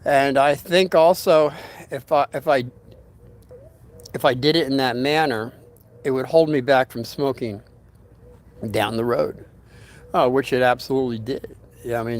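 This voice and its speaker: An older man with a medium-pitched voice hosts a relaxed storytelling livestream. He rambles in a folksy manner, reading viewers' comments and greeting them by name.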